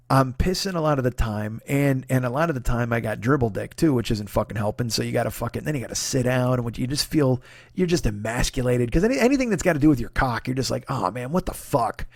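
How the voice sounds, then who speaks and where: Gravelly, profane man telling a story. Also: medium pitch, expressive, a little fast, no room sound, studio quality. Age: 40s. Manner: profane, rambling, candid and confessional; frequent restarts and apologies while telling a story. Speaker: comedian podcast host. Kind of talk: solo comedic storytelling monologue.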